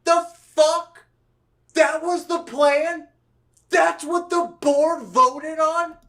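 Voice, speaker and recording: A man voicing a furious young man who rants and swears without any filter, often shouting. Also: very high-pitched, fairly even intonation, extremely slow, voice pushed up, exaggerated voice. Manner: shouting, profane ranting.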